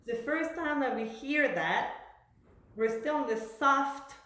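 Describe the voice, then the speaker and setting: In a music school room with heavy echo, a woman with a high, slightly bright voice teaches a master class. She speaks slowly, coaching a student and explaining at length while often searching for words.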